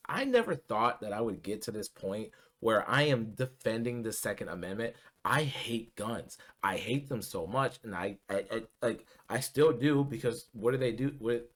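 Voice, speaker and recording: A political commentary vlogger rants casually about politics, agitated and profane, full of ums and restarts. His voice is on the low side with a fairly bright tone.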